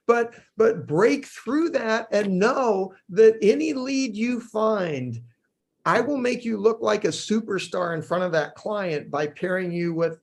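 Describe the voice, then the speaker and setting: A man's voice: high voice, expressive, slow, creaky. A man hosting a video-call meeting in an upbeat, encouraging way. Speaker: meeting host. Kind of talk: casual meeting talk.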